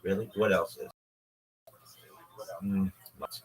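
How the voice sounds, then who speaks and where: Man, low voice, livestream comedy host, rambling, riffing. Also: steady tone, takes it slowly, slight background noise, low-quality recording. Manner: rambling, riffing, full of fillers. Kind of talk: improvised comedy bit.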